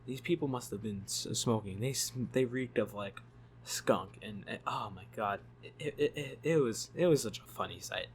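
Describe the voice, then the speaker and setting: A man telling a story for his channel in a loose, rambling way, swearing freely and laughing as he talks. His voice sits at an everyday middle pitch, with a faint hum in the background. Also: normal speed. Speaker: YouTube storyteller. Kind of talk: casual storytelling vlog.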